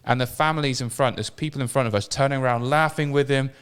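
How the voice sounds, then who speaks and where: Smooth-voiced British male podcaster. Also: mid-range voice, fast. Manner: storytelling, profane, animated anecdotes. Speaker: podcast co-host. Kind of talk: casual chat.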